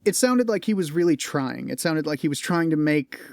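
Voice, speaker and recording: A man's voice: fairly high pitch, expressive, normal speed, gravelly, no echo. Profane, rambling male podcaster, dry sound. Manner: rambling and profane, with frequent restarts; tired, complaining. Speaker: podcast host. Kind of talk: casual solo podcast monologue.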